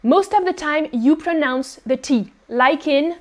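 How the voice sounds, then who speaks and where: A woman's voice: sits high, lively intonation, unhurried. A French woman with a French accent, teaching French pronunciation in a live stream and patiently repeating her examples. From France. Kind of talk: live-streamed language lesson.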